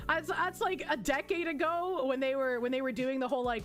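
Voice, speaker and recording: A woman's voice: sits high, fairly even intonation, a little fast, few pauses. A woman co-hosting a casual political chat in a sardonic, laughing manner.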